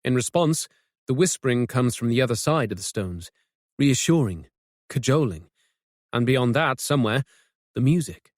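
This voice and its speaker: Dry, measured male audiobook narrator. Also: mid-range voice, lively intonation, no room sound. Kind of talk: scripted narration.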